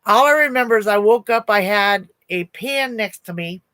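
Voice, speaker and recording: A woman's voice: mid-range voice, moderate pace, a bit bright, no room sound. A woman in her sixties hosting a livestream, telling stories casually, laughing often and answering chat comments. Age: 60s. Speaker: crochet livestream host. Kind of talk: casual storytelling to a live chat.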